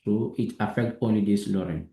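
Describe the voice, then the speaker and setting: A man's voice: lowish voice, normal speed, dark tone, echoey room. A man teaching a live coding lesson, patient, who keeps asking if his student understands. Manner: patient, repeats himself and checks understanding.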